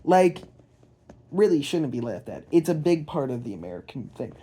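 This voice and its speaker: At home, a young man who runs his own channel talks through casual vlog commentary, hesitant and rambling, restarting often and using many fillers. His mid-range voice is dark and husky, swings widely in pitch, and moves at normal speed.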